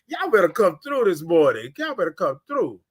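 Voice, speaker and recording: A high-pitched man hosts a casual morning livestream. He talks in an animated way, calls out viewers by name and stretches his greetings out long. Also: normal speed, breathy edge. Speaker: livestream host.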